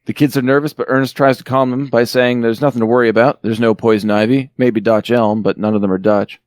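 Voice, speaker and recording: A man's voice: medium pitch, steady tone, quick pace, a little mellow, no echo. A man hosting a podcast, casually recapping a movie with wry, laughing asides. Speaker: podcast host recapping a film. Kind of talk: casual chat.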